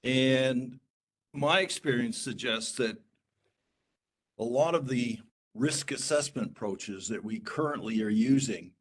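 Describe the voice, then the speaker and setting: A man joining a workshop on a video call, measured as he explains his earlier comment. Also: medium pitch, a little hiss or hum. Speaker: workshop participant.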